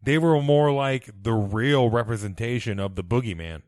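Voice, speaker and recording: A man in his forties co-hosting a podcast from home, rambling through stories with deadpan jokes. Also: medium pitch, moderate pace, no room sound, studio quality. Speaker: podcast co-host. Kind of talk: casual comedic chat. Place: home bedroom.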